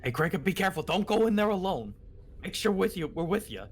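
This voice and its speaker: A man's voice: high-pitched, big pitch swings, fast talker, breathy edge, pitched above the performer's own voice, heavily acted. A man voicing a fretful male adventurer who mutters complaints under his breath when nobody listens. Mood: worried.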